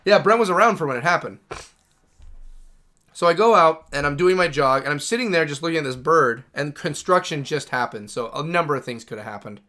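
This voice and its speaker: Gaming streamer, man, slightly high and bright voice, rambling casual storyteller who swears a lot. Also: animated, fairly quick. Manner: rambling, self-correcting, swears freely. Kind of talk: casual storytelling while playing.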